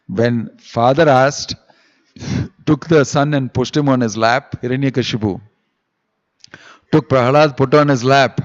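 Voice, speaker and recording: A man, giving a deliberate sermon as a visiting swami and reciting Sanskrit verses. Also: medium pitch, steady tone. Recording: dull echoey hall recording.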